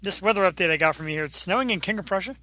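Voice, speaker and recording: A man's voice: high voice, very fast, bright, forceful tone, no echo, low-quality recording. A man co-hosting a casual sports podcast, playful and teasing, laughing often. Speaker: podcast co-host.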